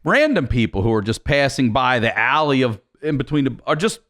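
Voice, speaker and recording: Animated storytelling man, lively pitch. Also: fairly quick. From Baltimore, USA. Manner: lively, profane, laughs while telling. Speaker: podcast guest.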